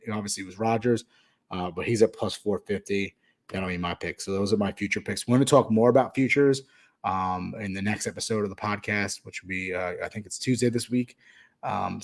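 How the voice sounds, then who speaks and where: A man hosting a podcast, talking casually through his sports betting picks with frequent fillers and restarts. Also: fairly low pitch. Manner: rambling, hesitant with many fillers. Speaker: podcast host.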